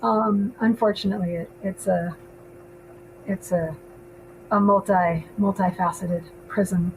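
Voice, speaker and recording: A woman's voice: mid-range voice, steady tone, a little slow, creaky, a little hiss or hum, rough recording. A woman in her thirties, a filmmaker co-hosting a podcast, chatting casually with lots of ums. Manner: chatty, laughs often, many ums. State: hiccups. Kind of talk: casual panel chat.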